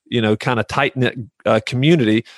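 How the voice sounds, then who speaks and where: A man's voice: mid-range voice, steady tone, brisk, dry recording. A man hosting a business podcast interview, affirming his guest and asking long questions. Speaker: podcast host. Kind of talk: conversational interview.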